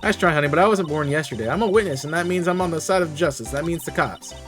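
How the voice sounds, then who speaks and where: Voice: medium pitch, quick pace, fairly bright tone, soft background music, voice pushed up, natural voice. A streamer voicing a brash, folksy Southern woman photographer with a drawling accent. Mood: sassy. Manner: folksy, drawling, full of sayings.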